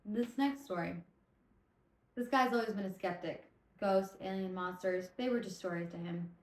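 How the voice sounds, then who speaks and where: A woman hosting a casual storytelling podcast, tipsy from vodka, retelling stories in an animated, rambling way with swearing and stumbling self-corrections. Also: mid-range voice, moderate pace, reverberant, low-quality recording. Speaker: podcast host.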